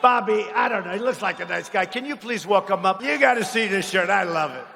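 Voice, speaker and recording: A man giving a rally speech in a large arena, mocking and repeating himself and shouting lines to the crowd. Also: high-pitched, expressive, brisk, creaky. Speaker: political speaker at a rally. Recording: long arena reverb, faint noise.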